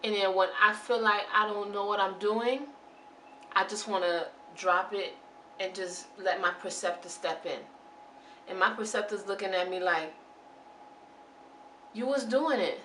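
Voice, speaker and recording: A woman's voice: mid-range voice, steady tone, moderate pace, sharp tone, far from the mic, a little hiss or hum. A young woman, a new nurse, talking candidly and emotionally to camera in a chatty way with many restarts. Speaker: new registered nurse vlogger. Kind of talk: casual talk to camera. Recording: echoey room, off the mic.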